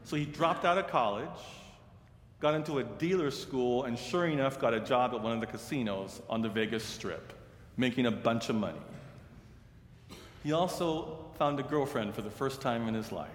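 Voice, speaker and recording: A man, a pastor and seminary teacher, tells a story in a sermon, earnest, and he grows hushed and slow in the sad parts. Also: medium pitch. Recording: reverberant hall with faint ambience.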